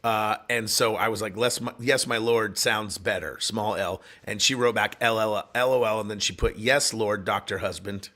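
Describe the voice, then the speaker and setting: A middle-aged man with a doctorate telling stories in a casual faith talk show chat, animated and prone to excited bursts. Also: fairly low pitch, moderate pace, few pauses. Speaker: church leader with a doctorate.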